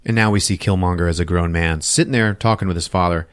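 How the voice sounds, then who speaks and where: A man on a podcast excitedly retelling a movie plot, swearing freely and acting out the characters' lines in put-on voices. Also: low-pitched, fast talker, dry recording, clean studio sound. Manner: profane, acts out lines in voices, laughs often. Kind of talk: animated casual movie recap.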